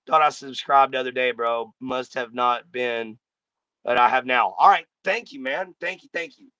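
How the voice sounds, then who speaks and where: A man's voice: medium pitch, normal speed, pushed and bright, clean tone, dry recording. A man hosting a casual live stream, talking bluntly and folksily straight to his chat.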